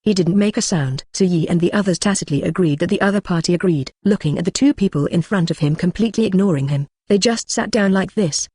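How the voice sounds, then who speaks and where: Dry, flat text-to-speech audiobook narrator. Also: medium pitch, fast talker, hardly any pauses, slightly rough, dry recording. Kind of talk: reading a translated web novel.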